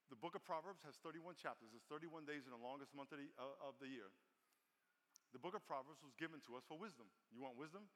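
A man preaching a sermon as pastor, animated, acting out prayers and inner voices. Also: fairly high pitch, long reverb tail.

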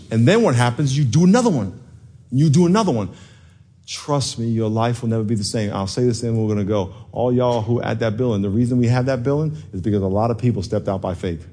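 A man preaching a sermon as pastor, moving from quiet talk up to loud yelling, with laughs between lines. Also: medium pitch, slightly rough.

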